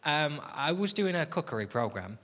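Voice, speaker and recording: A man's voice: fairly high pitch, normal speed. A man doing a stand-up routine, telling stories in an exasperated, sweary way. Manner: sweary, exasperated, animated storytelling. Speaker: stand-up comedian. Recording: loud background noise.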